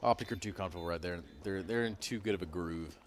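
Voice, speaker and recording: A young man calling an esports match play-by-play, excitable and jokey, quick to laugh between calls. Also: low-pitched. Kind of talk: play-by-play commentary with banter.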